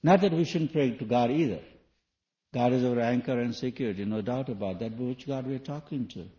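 A spiritual teacher delivers a sermon to an audience, posing rhetorical questions in loose, non-native phrasing. His mid-range voice is warm and fairly quick. The recording is a dull, lo-fi 1980s tape.

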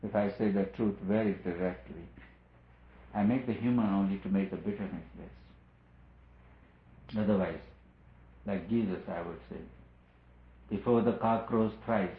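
Low-voiced man in a tinny echoey room. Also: steady tone. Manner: measured, repetitive, emphatic. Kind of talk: spiritual discourse. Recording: echoey room, phone-like lo-fi sound.

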